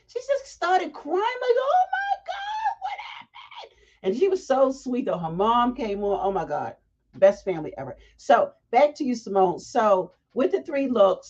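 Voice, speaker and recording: A woman hosting a casual livestream, chatty and animated, breaking off into asides. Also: fairly low pitch. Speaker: fashion week organizer hosting a livestream. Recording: dull lo-fi livestream audio.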